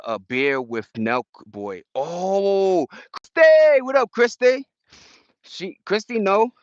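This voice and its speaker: A man's voice: medium pitch, fairly bright tone, no room sound, dull audio. Slangy New man streaming outdoors. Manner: slangy, loose, chatty with repeated asides. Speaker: livestream host. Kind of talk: casual livestream chat with viewers. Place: outdoors in a park.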